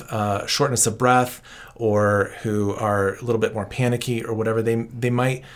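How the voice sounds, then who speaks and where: A trauma counselor with a mid-range male voice answers interview questions, giving advice calmly and explanatorily. His reassuring, counseling manner carries through as he lays out practical steps.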